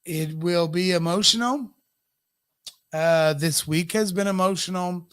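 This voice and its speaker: A man's voice: high voice, a little slow, fairly bright tone, clear, resonant tone, no echo, clean studio sound. A man co-hosting a live podcast, talking in an emotional, profane rant. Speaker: podcast co-host. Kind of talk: casual live podcast chat.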